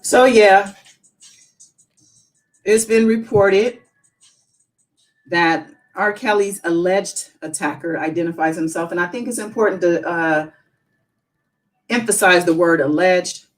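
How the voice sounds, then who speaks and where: A woman with a fairly low voice hosts a late-night live stream in a chatty, musing way. She reads news aloud and breaks off with her own asides. Soft music plays faintly underneath. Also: slow, pauses often, low-quality recording. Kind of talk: casual live-stream commentary.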